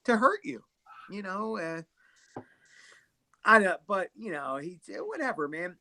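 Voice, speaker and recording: Casual livestream host, male, higher voice with a lively, swooping delivery, rambles and apologizes. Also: a little slow. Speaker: live stream host. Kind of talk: casual group chat.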